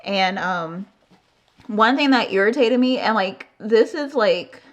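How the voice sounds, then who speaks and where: Young woman, American, vlogger, casual storytime, blunt and profane, filler-heavy talk, mid pitch. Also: lively intonation, takes it slowly, highs cut off. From United States. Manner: candid, profane, lots of "like" fillers.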